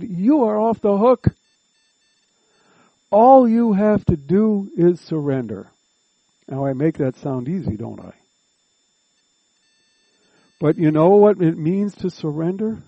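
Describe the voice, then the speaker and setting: A man preaching a sermon, slow and deliberate, drawing out words and making earnest appeals to his listeners. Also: high-pitched, animated, dry recording, highs cut off.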